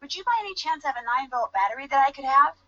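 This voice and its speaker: A woman's voice: high voice, animated, very fast, over a noisy crowd. A woman voicing a persistent young female detective in a video game, eager and insistent, in dull lo-fi audio. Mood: determined.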